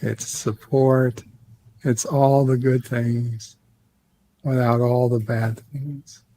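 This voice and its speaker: A man in a casual live-stream chat, deadpan and joking with a mock-sinister edge. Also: medium pitch, takes it slowly, a little hiss or hum.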